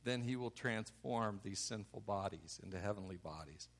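A man preaching a sermon, acting out the quoted lines with sudden loud, emphatic bursts. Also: lowish voice, normal speed. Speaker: pastor.

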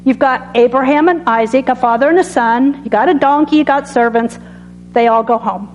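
A woman preaching a sermon that ends with an altar call. She speaks earnestly and drops to a soft hush on her key lines. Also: high-pitched, lo-fi sound, soft background music. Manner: earnest, dramatic pauses, drops to soft tones on key phrases.

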